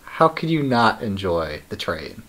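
A man's voice: low voice, big pitch swings, unhurried, fairly bright tone. A man live-streaming his coding work, thinking aloud in a wry, casual way with many ums and uhs.

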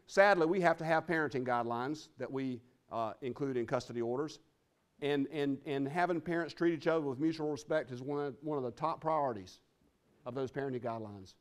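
A middle-aged man speaks at a conference in a quick, tumbling way, often doubling back on his words. His voice sits a little higher than most men's. It has the sound of a motivational speech given in a hall. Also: clear, resonant tone. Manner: fast-talking, repeats words and restarts.

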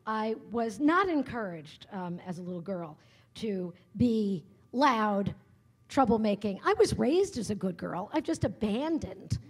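A woman humorist with a mid-range, breathy-edged voice and lively intonation speaks a little slowly during a story-filled public lecture at a writers' workshop lecture hall. Talking conversationally to a live audience, she often tags her points with asides.

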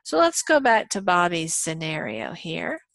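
A woman's voice: fairly low pitch, huge pitch swings, unhurried, creaky, a bit bright, dry recording. A woman lecturing a college law class in a conversational way, with frequent ums and uhs. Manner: conversational, many ums and uhs, acts out quoted dialogue. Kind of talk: recorded lecture.

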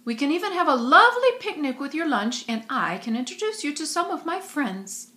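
Storybook spider, kind and reassuring, read by a woman; lively pitch, roomy sound. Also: a little fast, heavily acted. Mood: soothing. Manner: soothing, motherly. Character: kindly talking spider, gentle and reassuring. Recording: roomy echo.

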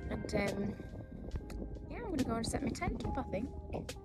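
A woman's voice: on the high side, very animated, normal speed. A young woman chats and narrates as she hikes solo over rocky moorland to wild camp, joking about herself and laughing often. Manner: chatty, self-deprecating, laughs often. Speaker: solo wild camping vlogger. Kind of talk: casual outdoor vlog narration. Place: outdoors on rocky moorland hills. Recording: loud background music.

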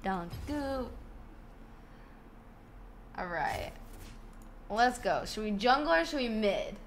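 A woman's voice: medium pitch, animated, slow pace, slight background noise. A woman chatting casually on a live gaming stream, giggly and scattered, often breaking into laughs.

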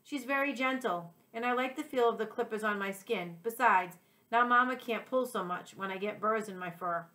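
Chomps, an excitable little pup dog, as a woman puts him on. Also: on the high side, moderate pace, low-quality recording. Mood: contented. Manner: eager, yipping. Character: excited young male Scottish terrier puppy.

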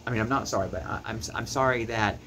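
A man's voice: on the low side, quick pace, bright, forceful tone, slight background noise, low-quality recording. A man giving a heated commentary rant to camera, emphatic and passionate, often repeating words as he gets worked up. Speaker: YouTuber.

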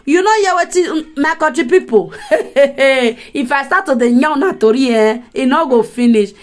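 A Nigerian gossip commentator dishes to her viewers in a lively, talkative way at a normal pace, laughing now and then. Her slightly high voice comes across casual and direct, like she's chatting with friends.

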